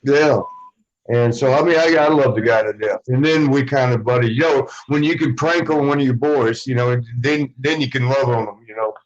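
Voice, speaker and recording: A former wrestler as an interview guest, telling stories casually in a rambling way, swearing freely and acting out what others said. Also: male voice, medium pitch, brisk, highs cut off. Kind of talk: casual storytelling.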